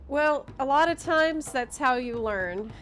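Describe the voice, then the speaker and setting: A young woman chats slowly and casually while streaming a game, sounding easily delighted as she muses aloud. Her voice sits a little high, with faint music in the background. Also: lively intonation, a bit bright. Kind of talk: casual gaming stream chat.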